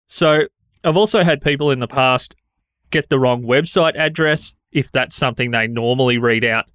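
A man's voice: mid-range voice, moderate pace, a bit bright, no echo, clean studio sound. Frank Australian man hosting a podcast. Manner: frank, conversational, mildly exasperated critique. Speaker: podcast host. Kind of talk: solo podcast monologue. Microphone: studio dynamic microphone.

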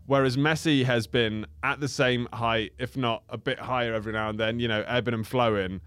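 A man's voice: mid-range voice, fairly even intonation, fairly bright tone, smooth, no room sound. A man, a comedian guest in a casual, rambling, jokey podcast chat. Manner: rambling, jokey, quick asides.

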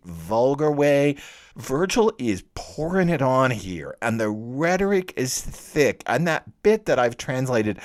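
A man giving an informal lecture on a classic poem. He talks conversationally and acts out the quoted voices now and then. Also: mid-range voice. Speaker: lecturer on Dante. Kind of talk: informal literature lecture with dramatic readings.

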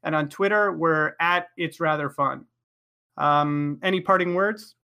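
Casual podcast host, mid-pitch, chatty and self-mocking. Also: unhurried, bright, forceful tone. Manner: chatty, laughs often, many fillers. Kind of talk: casual group chat.

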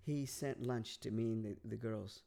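A man's voice: lowish voice, normal speed, gravelly, warm tone. A man from California, a comedian telling a long rambling story on a casual podcast, restarting and repeating his words. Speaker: comedian guest.

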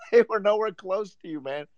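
A man's voice: high voice, normal speed, dry recording, muffled recording. A man hosting a casual chat, telling a story with lots of laughter. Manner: animated storyteller, laughs often.

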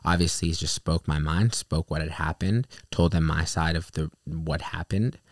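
Deep-voiced young man telling a story. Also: normal speed, dry recording, clean studio sound. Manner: candid storytelling, filler-heavy with many restarts. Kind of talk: casual chat.

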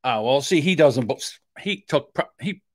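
A man's voice: mid-range voice, expressive, a little slow, darkish tone, no echo, studio quality. A man co-hosting a podcast, teasing his partner with sarcastic jokes in casual chat. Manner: teasing, sarcastic, laughs often. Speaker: podcast co-host.

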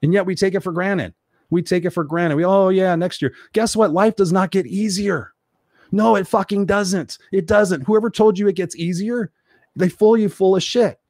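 A man's voice: high voice, moderate pace, darkish tone, no room sound, studio quality. A man hosting a motivational live stream, reading viewer comments and talking bluntly and profanely, repeating phrases for emphasis.

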